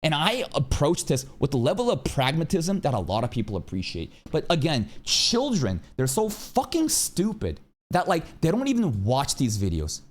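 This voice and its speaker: A man's voice: on the high side, wildly swooping pitch, normal speed. A male streamer giving a heated, profane commentary rant. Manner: profane, heated, sweeping rants. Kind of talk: ranting commentary to camera.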